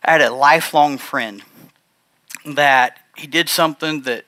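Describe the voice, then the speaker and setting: A man giving a heartfelt personal testimony to a congregation, speaking earnestly and haltingly, often restarting his sentences. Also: a little high, bright, forceful tone, no room sound. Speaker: church speaker sharing a testimony.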